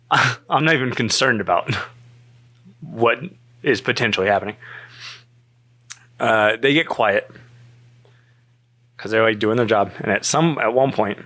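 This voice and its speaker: A man telling a story in casual chat, acting out the voices of the people in it and laughing often. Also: mid-range voice. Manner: animated, acts out quoted dialogue, laughs often. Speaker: storyteller guest.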